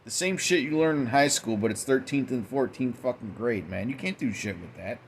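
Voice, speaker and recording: A man's voice: mid-range voice, lively intonation, moderate pace, slight background noise. A man giving a profane, mocking late-night commentary monologue, quoting scripture in a preachy way. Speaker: commentary host.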